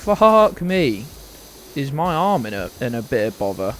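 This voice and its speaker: A man's voice: mid-range voice, sing-song, fairly quick, a little hiss or hum. Chatty young man streaming a game. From United Kingdom. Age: 20s. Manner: rambling, chatty, greets viewers by name, swears casually. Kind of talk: casual live-stream chat.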